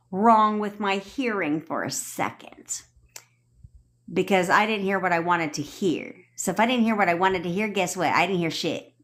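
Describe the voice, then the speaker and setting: A woman's voice: medium pitch, fairly bright tone. A young adult woman, a manifestation coach, ranting bluntly on a phone livestream with plenty of swearing and repetition. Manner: blunt, profane, repetitive tough-love ranting. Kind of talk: TikTok live rant.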